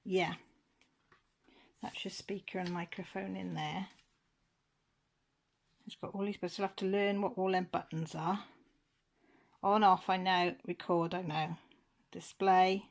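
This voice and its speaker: A woman's voice: on the low side, flat delivery, unhurried, gravelly, long pauses. A woman vlogger, chatting casually while unboxing, gushing and near tears.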